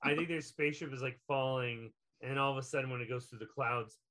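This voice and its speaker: A man's voice: mid-range voice, steady tone, a little fast, bright, forceful tone. A man co-hosting a casual film chat, skeptical and wry. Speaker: podcast co-host. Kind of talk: casual chat about films.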